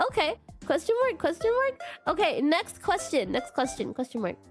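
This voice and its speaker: Young woman streamer, high voice all over the place, giggly, keeps saying question mark, faint music behind. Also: sing-song, measured pace. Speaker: VTuber streamer. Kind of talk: casual Q&A stream chat.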